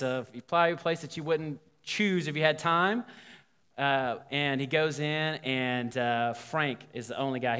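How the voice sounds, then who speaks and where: A man, a pastor, telling a story in a sermon, animated and voicing the people in it. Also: medium pitch, smooth. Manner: animated, quoting characters. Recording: long hall reverb.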